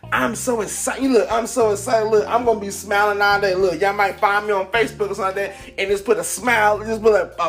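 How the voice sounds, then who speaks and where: A man's voice: high voice, a bit bright. A man in a casual motivational talk to camera, rambling and repeating words, with many fillers, recorded indoors at home. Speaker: vlogger. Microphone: camera in front of him.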